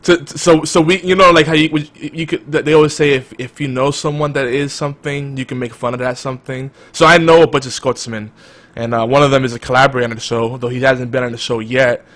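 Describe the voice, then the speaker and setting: A man's voice: mid-range voice, fairly even intonation, fast talker, fairly bright tone. A man hosting a podcast, chatting casually and laughing often, with lots of restarts as he reads the live chat. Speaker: podcast host.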